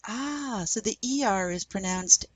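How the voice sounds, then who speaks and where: A woman's voice: medium pitch, lively intonation, unhurried, very noisy. A woman French teacher giving a recorded lesson, patiently demonstrating pronunciation with repetition.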